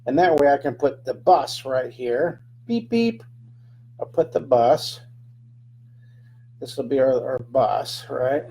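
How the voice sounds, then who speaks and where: A man's voice: mid-range voice, measured pace, gravelly, mellow, slight background noise. A man teaching a live drawing lesson, chatting through each stroke with playful sound effects.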